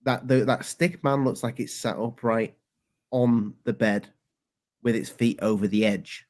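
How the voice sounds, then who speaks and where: A man co-hosting a casual podcast chat, talking haltingly and restarting his sentences. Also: medium pitch, a little mellow. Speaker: co-host.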